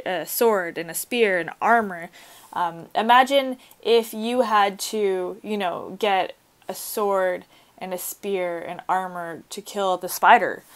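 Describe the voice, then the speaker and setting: A woman teacher reading a story aloud to her students and explaining it in a casual, chatty way, with expressive emphasis on the quoted passages. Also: medium pitch. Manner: casual, chatty asides with fillers and light laughs.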